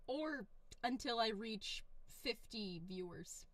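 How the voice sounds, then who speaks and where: A woman live-streaming with a stuffy nose, playfully and giggly chatting with her viewers. Her high voice leaps all over the place, and she takes her time with her words. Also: animated, slow pace, dry recording. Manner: playful and giggly, reads chat aloud, mock-defensive. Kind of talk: casual live stream chat.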